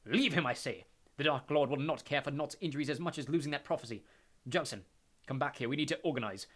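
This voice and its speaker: A man's voice: high voice, sing-song, quick pace, voice pushed up. A man voicing a sneering, cold aristocratic villain in an audiobook reading. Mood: commanding. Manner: sneering, menacing, commanding.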